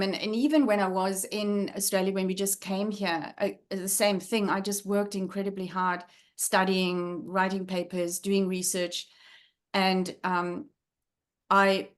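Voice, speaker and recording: Sharing a personal story as a guest speaker, a middle-aged woman with a South African accent speaks in an earnest, reflective manner. She pauses frequently and leans on fillers, and her voice sits in the mid range.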